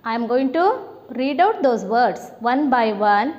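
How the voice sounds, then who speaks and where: A woman with a Kannada-influenced Indian accent teaching an English lesson to young children, slowly coaxing them with questions and praise. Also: a little high, lively intonation, darkish tone, long reverb tail, highs cut off. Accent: Indian, Kannada-speaking. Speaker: primary school teacher.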